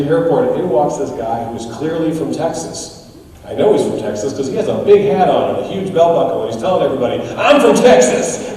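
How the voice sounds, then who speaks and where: An American man delivers a keynote with animated, emphatic storytelling. His voice is mellow and heard from a distance. Long reverb from a big hall surrounds every word. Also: medium pitch, slight background noise. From United States. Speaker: guest speaker. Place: large hall. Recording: echoey hall, distant mic, faint ambience.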